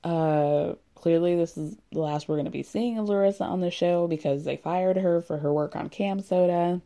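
Woman host for a chatty, sardonic recap with a mellow, warm tone. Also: on the low side, normal speed. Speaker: reality TV recapper. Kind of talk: casual commentary.

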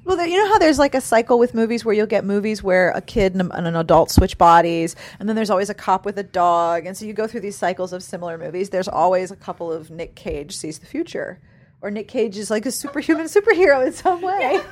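A woman's voice: mid-range voice, animated, quick pace. A woman hosting a podcast, chatting casually, laughing often and joking around. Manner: giggly, jokey, acts out silly voices. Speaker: podcast host. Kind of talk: casual chat.

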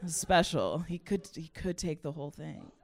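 A young adult woman comedian telling a personal story in a chatty, animated way, laughing often and using a lot of "like" fillers. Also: deep voice, normal speed.

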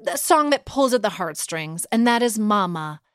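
A woman's voice: mid-range voice, lively intonation, moderate pace, clean tone. A woman in her thirties hosting a podcast, chatting casually with playful, self-mocking humor. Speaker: podcast host. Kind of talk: casual chat.

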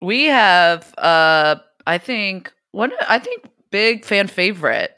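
A woman's voice: medium pitch, animated, takes it slowly, sharp tone, clear, resonant tone, no room sound, studio quality. A woman co-hosting a podcast, playful and teasing in loose banter. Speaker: podcast co-host. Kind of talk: casual chat.

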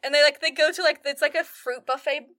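A woman's voice: sits high, steady tone, quick pace, pushed and bright, no room sound, studio quality. A woman chatting casually, retelling a film plot and acting out the characters' lines, with lots of "like" fillers. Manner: frequent "like" fillers.

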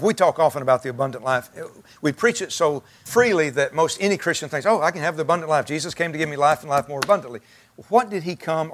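A man preaching a sermon to his church, talking in a conversational, folksy way with frequent restarts. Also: medium pitch. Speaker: pastor.

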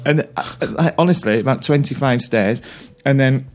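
With faint music playing behind him, a Lancashire-accented man from Burnley co-hosts a podcast in casual conversation. He's a chatty storyteller who rambles and keeps restarting, his mid-range voice darkish in tone and moderately paced.

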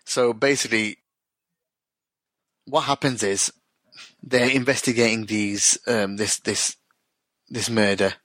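A man co-hosting a casual podcast, talking fast and swearing, his voice jumping up high when he finds something funny. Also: no room sound. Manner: animated, swears freely, voice jumps up when amused. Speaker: podcast co-host. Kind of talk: casual chat reviewing TV episodes.

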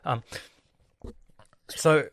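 A man's voice: very slow, no echo. A man talking on his solo podcast in a rambling way, swearing and trailing off into tangents.

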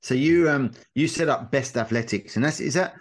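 A man's voice: medium pitch, normal speed. A man hosting a casual interview podcast, asking questions with fillers and hesitations. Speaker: podcast host.

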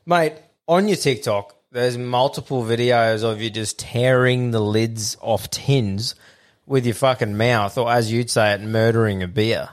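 A man's voice: mid-range voice, measured pace. An Australian man hosting a podcast, chatting casually in an enthusiastic, matey, sweary way. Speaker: podcast host. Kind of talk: casual chat.

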